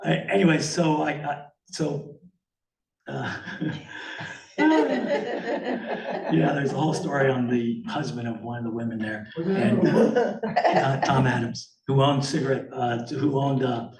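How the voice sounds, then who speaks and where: Older guest speaker, rambling and chuckling, mid-pitched voice, far-off echoey hall sound. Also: male voice, lively intonation, takes it slowly, long pauses, crowd noise. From Miami. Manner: rambling, many fillers, chuckling often. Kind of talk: casual talk presenting slides. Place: meeting hall with audience.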